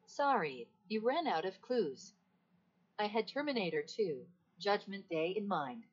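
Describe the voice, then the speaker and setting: Female AI voice assistant voiced by a woman, playful and polite, breathy, lively pitch, dull lo-fi device recording. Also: a little slow. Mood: cheerful. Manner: even, polished synthetic delivery with playful jokes.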